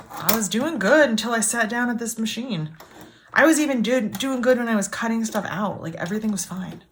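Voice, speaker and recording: A woman hosting a casual sew-along, chatty and self-deprecating, grumbling as things go wrong. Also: on the high side. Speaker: sewing channel host. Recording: clear background machine noise. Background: sewing machine running.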